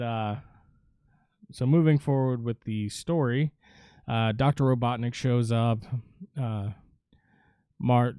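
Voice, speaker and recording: A man's voice: mid-range voice, warm tone, clear, resonant tone, dry recording, studio quality. A man streaming live, giving a casual, rambling, profane film recap with lots of fillers.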